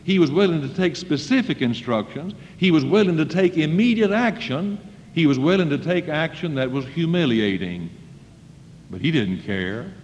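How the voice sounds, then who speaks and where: A man preaching a sermon to students in a folksy manner, acting out quoted voices and rising to loud emphasis. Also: a little high, expressive, moderate pace, a little hiss or hum. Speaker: preacher at a school chapel. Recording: dull old recording in a reverberant hall.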